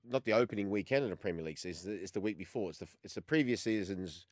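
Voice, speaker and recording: A man in his fifties with an Australian accent, a former goalkeeper telling an animated story as a sports radio guest and acting out the conversations he recounts. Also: lowish voice, fast talker, no echo, studio quality. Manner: animated storyteller who acts out quoted exchanges.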